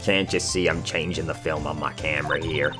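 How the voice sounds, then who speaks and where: A man's voice: very deep voice, steady tone, brisk, music in the background. A man putting on a brash Southern-drawling woman. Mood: scolding. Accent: attempted Southern US drawl. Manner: brash, scolding.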